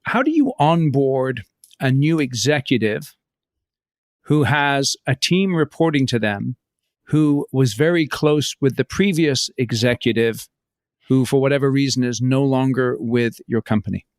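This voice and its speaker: A man hosting a podcast interview, asking measured, deliberate questions. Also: mid-range voice, lively intonation, no echo, studio quality. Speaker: podcast host.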